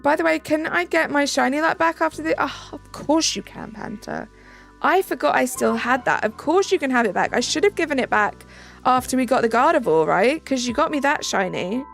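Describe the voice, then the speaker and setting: A woman's voice: high-pitched, animated, a little fast, creaky. A British woman hosting a live stream in casual chat, reading out and answering viewers' messages. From Britain. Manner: chatty, reads out and answers chat, thanks viewers. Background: faint background music.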